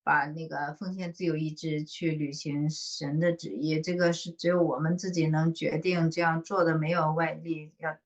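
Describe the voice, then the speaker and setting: A woman interpreting for a reading group, measured and paraphrasing. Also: sits low, level tone. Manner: measured, paraphrasing, with filler sounds. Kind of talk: interpreting into Chinese. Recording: dull, distant lo-fi audio.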